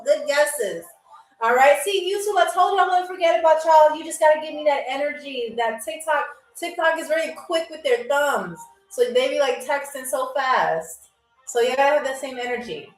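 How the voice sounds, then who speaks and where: A woman hosting a live-streamed game show, teasing viewers and reading their comments aloud, and saying foreign phrases very slowly. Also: high-pitched, animated. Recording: roomy, mic at a distance, faint music.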